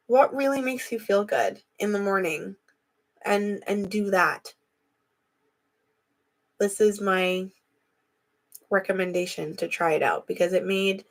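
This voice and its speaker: Chatty woman hosting a live stream. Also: mid-range voice. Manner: chatty, reflective, addresses viewers directly. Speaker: host of a live video. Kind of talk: casual live-stream talk.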